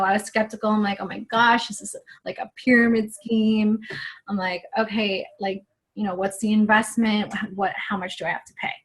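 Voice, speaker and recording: On a live video, a young woman with a medium-pitched, fairly bright voice tells her personal story as an online fitness coach. She's chatty and earnest, acting out the things she said back then.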